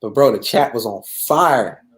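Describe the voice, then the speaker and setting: A man's voice: medium pitch, expressive, a little slow. A man hosting a live gaming talk show, rambling and repeating himself, tagging lines with "bro" and "right?". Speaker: show host. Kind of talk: casual chat.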